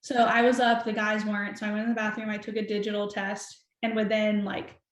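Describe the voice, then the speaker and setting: A young woman telling a personal story as a podcast guest, animated and chatty, full of "like". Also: medium pitch, brisk. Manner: animated, chatty, heavy use of "like". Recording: roomy echo.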